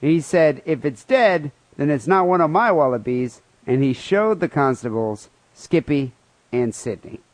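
A man's voice: on the high side, animated, a little slow, no echo. Dry-sounding, crude joking podcast man. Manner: crude, profane joking with mock outrage. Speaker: podcast co-host. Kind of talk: casual comedic podcast banter.

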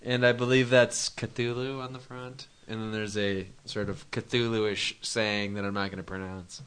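A man's voice: fairly low pitch, little pitch movement, unhurried, fairly bright tone, clear, resonant tone. A man co-hosting a casual podcast, trading dry, wry asides. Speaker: podcast co-host.

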